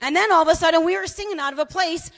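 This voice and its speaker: High-voiced woman preaching in a reverberant hall. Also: rapid-fire, creaky. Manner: lively storytelling, shouts at the peaks. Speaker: pastor. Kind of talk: sermon. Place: church sanctuary. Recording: long reverb of a large hall.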